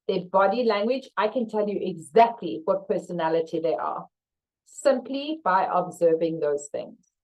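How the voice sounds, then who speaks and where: A leadership trainer with a medium-pitched voice leads a live virtual masterclass, though the audio is poor. She reads viewers' chat messages aloud and livens things up by performing staff responses in short workplace role-plays.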